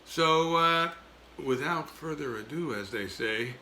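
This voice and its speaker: A man's voice: a little high, slow pace, heavy background noise. A man hosting his own music show from his porch, chatting in a loose, rambling way. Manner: loose, rambling, lots of fillers. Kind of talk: casual chat. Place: home lanai porch.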